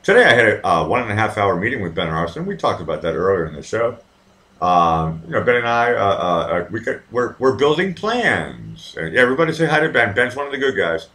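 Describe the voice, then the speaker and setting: Profane, lively man rambling. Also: fairly low pitch, brisk. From Boston, USA. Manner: profane, rambling storyteller with many fillers and restarts. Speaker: livestream host reading viewer comments. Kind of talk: casual live-stream chat.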